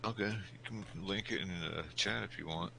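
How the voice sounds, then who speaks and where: A man with a deep, gravelly voice chats easily on a livestream. He is laid-back and laughs often, tossing in drawled asides between friends. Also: normal speed, sharp tone. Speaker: streamer. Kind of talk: casual chat on a livestream.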